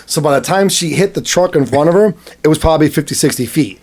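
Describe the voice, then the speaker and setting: A man co-hosting a podcast in loose, casual chat, telling a long story with plenty of restarts. His voice sits a bit high for a man. He acts out the people in the story in quick high voices. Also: animated, darkish tone. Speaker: podcast co-host.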